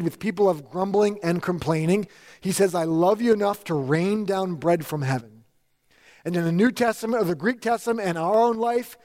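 A man delivers a sermon in a high, ringing voice. He drives his points home with repeated phrases that rise in emphasis. His words linger in the long reverb of a large hall. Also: darkish tone. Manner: emphatic preaching with repeated lists and rising emphasis. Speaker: pastor.

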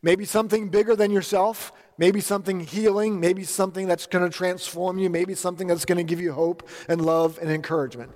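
A man's voice: high voice, steady tone, fairly quick, few pauses, darkish tone, big-room sound. A male pastor preaching a sermon, telling a story in an earnest, direct way to his congregation in a church. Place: church sanctuary.

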